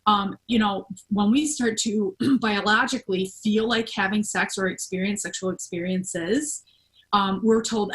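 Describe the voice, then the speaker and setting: A woman's voice: medium pitch, steady tone, unhurried, fairly bright tone, low-quality recording. Rambling woman hosting a casual talk. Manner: rambling, thinks aloud with many fillers. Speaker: podcast host. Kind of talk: casual conversational chat.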